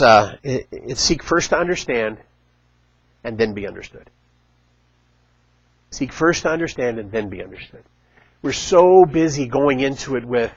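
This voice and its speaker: A middle-aged man giving a casual church talk, chatty and animated, acting out quotes as he tells stories. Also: medium pitch, dry recording, lo-fi sound. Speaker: church teacher. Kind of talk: casual sermon.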